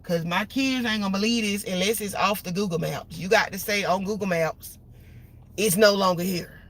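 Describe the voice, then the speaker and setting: A woman venting on a phone live stream from her parked car, rambling and repeating herself, with sudden loud outbursts. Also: mid-range voice, brisk. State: upset after losing her job. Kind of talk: casual venting monologue. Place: parked car in a parking lot.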